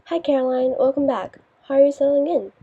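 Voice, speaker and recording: A woman voicing a kind, shy teenage girl in an audiobook, gentle in manner. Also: high voice, a little fast, creaky, voice pushed up. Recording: dull lo-fi recording.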